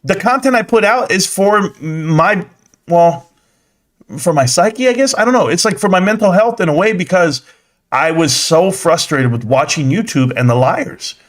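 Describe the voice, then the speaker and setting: Young male streamer, loose and slangy, fairly high voice, reads chat off the cuff. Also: expressive, moderate pace. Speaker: live stream host. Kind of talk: casual live stream chat.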